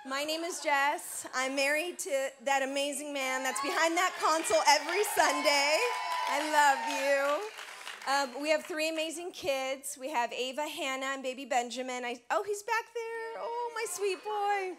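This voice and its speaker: Woman, 30s, church testimony speaker, bubbly and chatty, slightly high voice. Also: fairly bright tone. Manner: bubbly, chatty, practical storytelling. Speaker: women's conference speaker. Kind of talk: personal testimony sermon. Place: church stage before a live audience.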